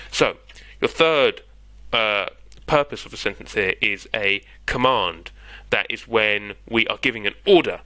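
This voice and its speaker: A man's voice: mid-range voice, sharp tone, no echo, poor audio. A man with a British accent, patiently explaining grammar as a tutor in an online lesson and checking in with his listener. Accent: British English. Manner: patient, conversational, checks in with "yeah?".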